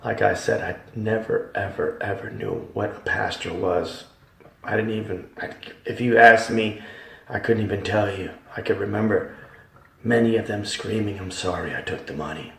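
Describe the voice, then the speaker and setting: A man giving a dramatic Christian testimony, emphatic, swinging from hushed tones to loud ones. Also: lowish voice, fairly even intonation, moderate pace, gravelly. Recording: echoey hall, voice from far off.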